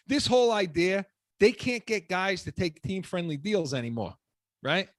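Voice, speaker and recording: A man's voice: high-pitched, unhurried, no room sound. A man hosting sports talk radio, ranting with heat and repeating words as he gets worked up.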